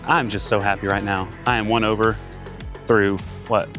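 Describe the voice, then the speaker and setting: A man in his thirties giving casual play-by-play of his own golf round outdoors, getting excited and talking to himself between shots. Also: fairly low pitch, moderate pace, soft background music. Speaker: golf vlogger.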